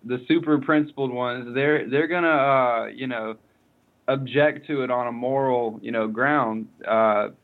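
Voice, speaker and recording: A man's voice: medium pitch, unhurried. Hesitant man on a tinny phone line. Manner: hesitant, full of you-knows. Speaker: podcast co-host. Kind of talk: casual political talk.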